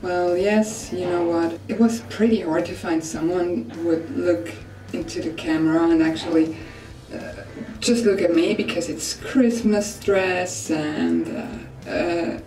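A woman's voice: lowish voice, steady tone, a little slow, dark tone. A young Swiss woman with a Swiss German accent, vlogging in a playful, mock-serious way. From Switzerland. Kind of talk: casual sarcastic vlog. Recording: roomy indoor echo, faint music.

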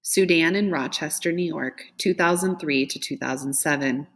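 Low-voiced woman reading a novel aloud. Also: moderate pace. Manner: expressive, gentle, lifts pitch for dialogue. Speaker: reader.

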